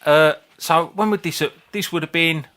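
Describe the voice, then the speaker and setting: A man's voice: on the high side, normal speed, sharp tone. A man in his fifties, co-hosting a comedy podcast as a rambling, sweary storyteller. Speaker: podcast co-host. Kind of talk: casual chat.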